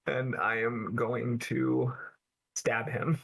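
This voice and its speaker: A man playing a tabletop game, describing his character's actions slowly and deliberately. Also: medium pitch, little pitch movement, gravelly, fairly bright tone, slightly rough, rough recording. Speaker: player. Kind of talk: tabletop play over voice chat.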